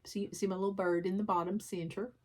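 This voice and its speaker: A woman hosting a chatty show-and-tell craft vlog, her voice at an ordinary middle pitch. She rambles and pokes fun at herself as she goes, stopping often to clear a sore throat. A faint hiss sits under the recording. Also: flat delivery, quick pace, darkish tone. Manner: rambling, self-deprecating, frequent throat clearing. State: sore throat, sucking a cough drop. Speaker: cross-stitch vlogger.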